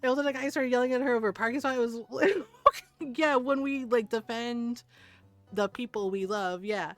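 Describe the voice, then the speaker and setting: Chatty woman streamer, higher voice. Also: normal speed, dry recording, faint music behind. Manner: chatty storyteller, laughs often, answers chat. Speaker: livestreamer. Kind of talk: casual chat with viewers.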